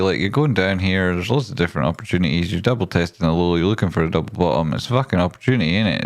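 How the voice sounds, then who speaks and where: A man's voice: low-pitched, creaky, no echo, studio quality. A man hosting a casual live stream, talking through charts in a rambling, profane, jokey way. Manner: rambling, profane and jokey, often slipping into silly voices; reads viewer chat aloud. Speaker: stock market livestream host.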